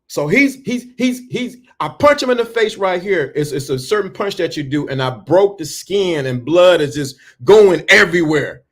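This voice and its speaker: A man telling a story in a talk, animated and full of stammering restarts. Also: high voice, normal speed, hardly any pauses. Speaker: speaker.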